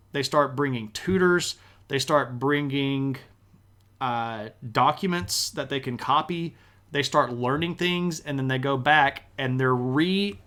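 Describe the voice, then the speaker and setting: A man's voice: mid-range voice, fairly bright tone. A man streaming a live history lecture, talking in a casual, enthusiastic way with plenty of slang.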